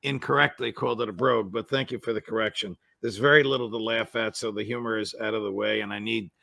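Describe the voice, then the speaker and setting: A man hosting an interview show, asking questions in a measured, formal way. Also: fairly low pitch, fairly even intonation, vocal fry, sharp tone. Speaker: show host.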